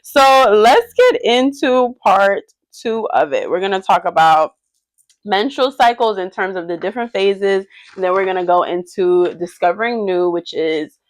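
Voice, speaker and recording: A woman's voice: mid-range voice, moderate pace, no room sound. A young woman hosting a podcast, telling stories animatedly and acting out what people said. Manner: animated storyteller, acting out quotes. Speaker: podcast host. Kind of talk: casual chat.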